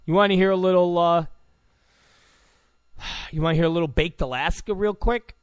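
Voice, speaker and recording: Man, talk radio host, ranting monologue, sarcastic, fairly high voice, dry sound. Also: sing-song, brisk, long pauses, smooth, no room sound. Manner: sarcastic, mocking and abrasive.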